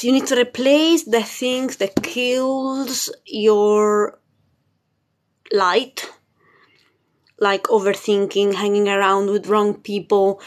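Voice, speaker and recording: A woman's voice: medium pitch, level tone, slow. A woman hosting a casual spiritual live stream, bubbly and chatty, laughing often and swearing casually. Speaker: spiritual livestream host.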